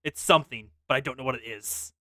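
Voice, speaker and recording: A man's voice: mid-range voice, fast talker, bright, forceful tone, no room sound, clean studio sound. A man chatting and joking as a co-streamer. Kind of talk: casual chat.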